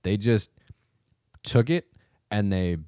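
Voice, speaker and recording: A podcast co-host with a lowish, warm voice speaks slowly with lively intonation, telling rambling stories in casual chat, swearing casually and laughing often. The sound is clean studio audio with no echo.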